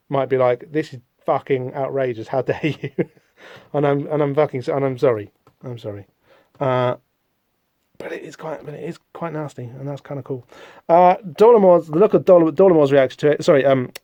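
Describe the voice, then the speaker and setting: A man talks through a comic book on his own podcast, rambling and self-deprecating, often apologising. His voice sits a touch high but sounds dark and mellow. The recording is dry and close, from a home podcast mic. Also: no echo, dull audio. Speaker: podcast host. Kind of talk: casual solo comic-book discussion.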